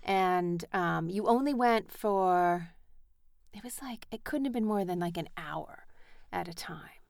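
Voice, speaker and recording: A woman's voice: on the low side, a little slow, creaky, darkish tone, no room sound. Chatty woman podcast host, dry sound. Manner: chatty, rambling, affectionate. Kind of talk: casual chat with her child.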